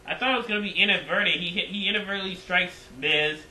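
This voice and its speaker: A man reviewing a wrestling show in casual recap style, excitable and rambling, repeating himself. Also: high voice, fast talker, echoey room, a little hiss or hum, poor audio.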